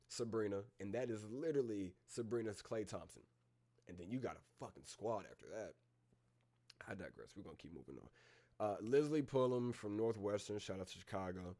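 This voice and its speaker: Low-leaning and mellow, the man's voice carries a casual live-stream reaction full of slangy rambling and "bro." He reads off a list of names, filling the gaps with pauses.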